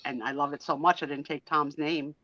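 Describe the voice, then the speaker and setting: A woman hosting a casual live stream chat, talking in an animated, laughing way with sudden dramatic bursts. Her voice is bright and forceful, slightly low for a woman. The sound is dull and lo-fi, like a live stream. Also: a little fast, dry recording. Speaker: host.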